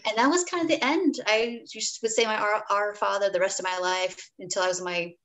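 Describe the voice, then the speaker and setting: A woman's voice: medium pitch, brisk, fairly bright tone, low-quality recording. A woman guest, a dietitian, telling a candid personal story in an interview, earnest and full of restarts and asides. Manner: briefly acts out her past self in quoted speech.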